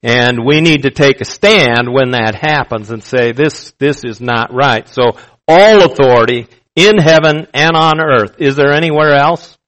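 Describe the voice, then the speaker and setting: A male pastor preaching a sermon, emphatic and slow, repeating his key phrases for weight. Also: mid-range voice, fairly bright tone, low-quality recording.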